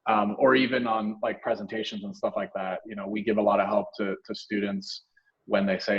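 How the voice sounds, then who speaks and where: A man's voice: on the low side, level tone, fairly quick, fairly bright tone. A man who teaches classes, talking in a loose, rambling way with many fillers during a casual video call discussion. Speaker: instructor. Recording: muffled lo-fi audio.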